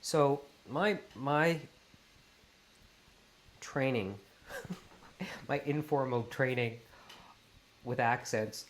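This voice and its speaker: Canadian man, late 30s, host talking to camera, animated and playful, mid-pitched voice. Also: drawn-out words, long pauses, a little hiss or hum. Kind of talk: casual talk to camera.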